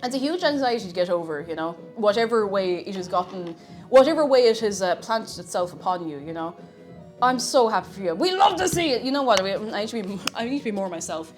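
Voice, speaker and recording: A woman's voice: medium pitch, animated, a little fast, faint music behind. A woman chatting to her viewers in a casual, self-mocking way while she bakes in her kitchen. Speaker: streamer. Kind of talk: live-stream baking chat. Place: home kitchen.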